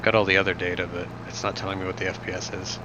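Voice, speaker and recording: A man's voice: sits low, level tone, racing. Young guy streaming, jokey and laid back, kinda dull lo-fi mic with hum behind. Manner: casual, joking, reads chat aloud. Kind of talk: live gameplay stream chat. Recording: muffled, noisy recording.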